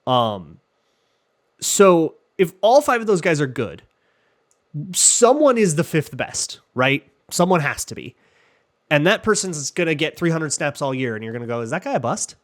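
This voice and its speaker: Fielding listener questions on his football talk show, this man keeps it loose and jokey, with lots of fillers and false starts. He speaks at a measured pace in a highish voice that swings widely in pitch.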